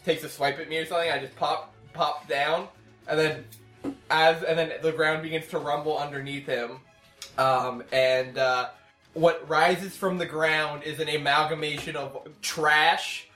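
A man chatting as a player in a tabletop game, lively and often laughing. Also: fairly high pitch, a little slow. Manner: animated, laughs often, describes his character's moves. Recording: echoey room, far from mic, faint music.

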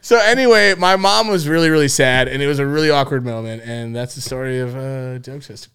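A man's voice: mid-range voice, brisk, a bit bright, clear, resonant tone. A young man co-hosting a podcast, telling a story in casual chat, acting out the quotes and laughing often. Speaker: podcast co-host.

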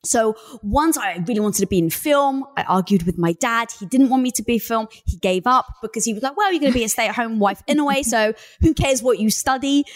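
A woman with a London accent, a guest telling her story in an interview, candid and expressive. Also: medium pitch. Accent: London English. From England. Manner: expressive, laughs often, candid.

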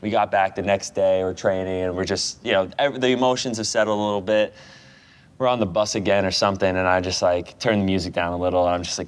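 A man's voice: low voice, level tone, fast talker. A man from the United States, a guest in his thirties, chatting casually and telling stories with frequent laughs. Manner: chatty storyteller, laughs often. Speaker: guest goalkeeper. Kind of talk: casual chat.

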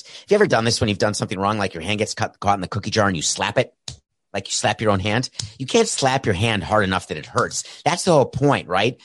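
This solo sports show features a host with a mid-range, fairly bright voice who rambles, leans on sarcasm, and jokes on the side. The sports podcaster talks into a headset mic with an earpiece from his home studio with a camera and soundboard, in a dry recording.

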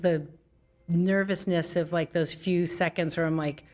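A woman's voice: lowish voice, unhurried. A middle-aged woman telling stories in an interview, acting out the voices of people she quotes. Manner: lively storyteller who acts out quoted voices. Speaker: actress and comedian as guest. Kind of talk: candid interview storytelling.

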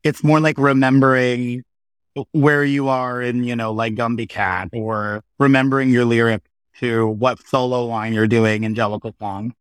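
A man in his thirties, a Broadway performer, talking as a guest in a casual interview and telling animated stories with quick asides. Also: medium pitch, clear, resonant tone, dry recording, studio quality.

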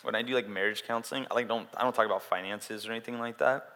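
A man preaching a sermon in a casual, animated way, acting out quotes as he tells stories. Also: fairly low pitch, racing. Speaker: pastor. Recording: long hall reverb.

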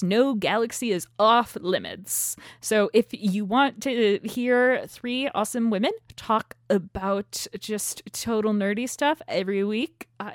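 A woman co-hosting a podcast in casual chat, animated and laughing often, often restarting her sentences as she talks into a shared microphone. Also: on the high side, no echo, studio quality. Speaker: podcast co-host. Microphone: shared single microphone.

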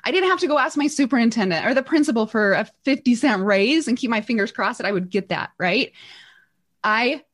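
A woman telling a motivational story, animated, acting out the voices in her quotes with big jumps in pitch. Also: fairly quick. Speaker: guest speaker.

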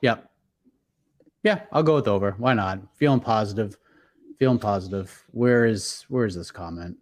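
A man hosting a casual panel chat, easygoing, often trailing off quietly. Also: lowish voice, normal speed. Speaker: host.

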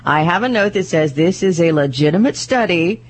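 A woman co-hosting a radio show, chatting in a lively, giggly way. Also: fairly low pitch, moderate pace, slightly rough. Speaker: radio co-host. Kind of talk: casual studio banter.

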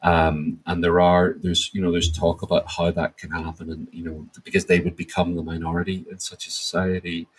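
A man's voice: low-pitched, completely flat delivery, fairly quick, few pauses, breathy edge, poor audio. A man speaking as an interview guest, reflective and searching for words as he talks. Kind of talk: thoughtful interview answer.

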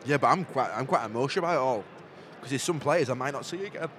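A man co-hosting a podcast, talking in playful, lively banter and laughing easily. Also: mid-range voice, fast talker. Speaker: podcast co-host. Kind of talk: casual banter. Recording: noisy background.

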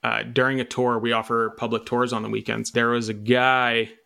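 A man from Michigan who founded an animal sanctuary, telling stories in a relaxed interview, with many fillers and restarts. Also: mid-range voice, moderate pace, gravelly, smooth. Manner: relaxed, storytelling, with frequent fillers. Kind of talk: casual interview talk.

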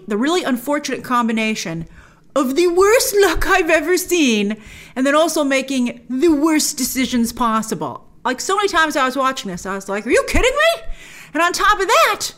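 A woman giving a casual film review to camera, chatty and animated, acting out her own reactions. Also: high-pitched, normal speed.

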